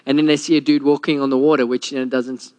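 A man, a pastor, preaching a sermon and telling a Bible story with lively acted-out quotes. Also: quick pace. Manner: storytelling, acts out quotes with a lowered voice.

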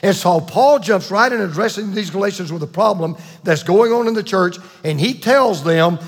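A man's voice: sits high, moderate pace, slightly rough. A middle-aged man preaching a folksy sermon as a pastor, repeating lines for emphasis. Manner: folksy, repeats for emphasis, acts out quoted voices. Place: church sanctuary. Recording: echoey church hall.

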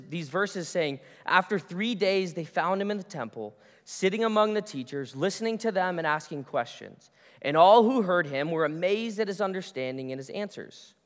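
Male pastor, bright high voice, chatty sermon delivery, long hall reverb. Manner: conversational, restarts phrases, storytelling asides.

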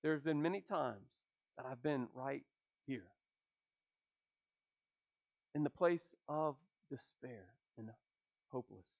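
A man preaching a sermon, asking rhetorical questions and dropping his voice low at the ends of phrases. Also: animated, slow, creaky, pauses often, muffled recording. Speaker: pastor.

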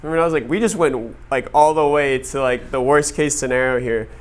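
A man telling a story to an audience in a casual, animated way, full of "like" fillers. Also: medium pitch, fairly quick. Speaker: speaker addressing an audience. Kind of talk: storytelling talk to a live audience.

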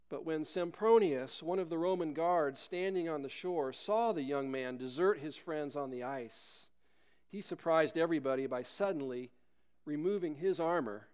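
A man's voice: on the high side, darkish tone, clear, resonant tone. A male pastor preaching a sermon, emphatic and asking the listeners rhetorical questions.

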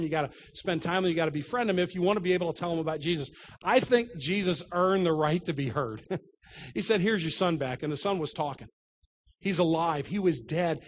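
A middle-aged male pastor preaching a sermon, telling stories with self-deprecating humor and swinging between loud and hushed delivery. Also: on the high side.

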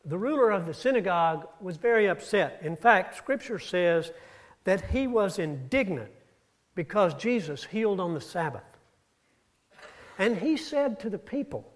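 A man's voice: expressive, a little slow, long pauses. A man preaching a sermon, retelling scripture stories with his voice rising and falling for emphasis. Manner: storytelling, rises and drops in pitch and loudness. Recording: audio-only church recording.

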